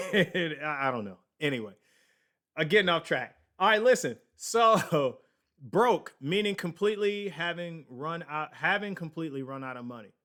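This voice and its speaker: A man's voice: fairly high pitch, expressive, fairly bright tone. A man hosting a casual finance podcast, rambling and digressing, with many fillers and laughs at himself. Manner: slow, drawn-out delivery with many fillers. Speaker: podcast host. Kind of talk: casual finance talk on a livestream.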